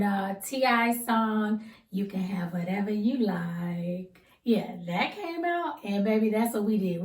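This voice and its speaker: A woman's voice: medium pitch, a little mellow. Chatty woman vlogger in a roomy space. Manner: chatty, rambling storyteller with colloquial slang. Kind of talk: casual get-to-know-me chat. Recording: roomy sound from a distance.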